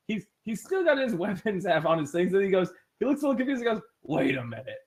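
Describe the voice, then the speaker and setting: A young man running a tabletop role-playing game as game master, laughing often and voicing characters as he narrates. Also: sits high.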